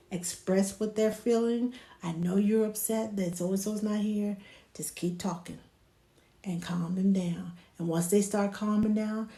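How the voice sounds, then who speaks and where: Recorded in an echoey room, a childcare provider with a mid-range voice talks casually about settling babies. Each time she quotes herself speaking to them, her voice becomes hushed and soothing.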